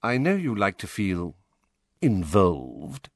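A man voicing a cold, sneering male schoolmaster who speaks in a quietly waspish way, in an audiobook reading. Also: on the low side, wildly swooping pitch, slow pace, no room sound, studio quality, full character voice.

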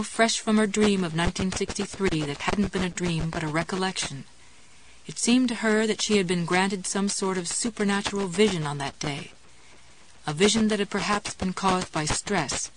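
Woman audiobook narrator, calm, measured delivery. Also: fairly low pitch, noisy background. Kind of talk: scripted novel narration.

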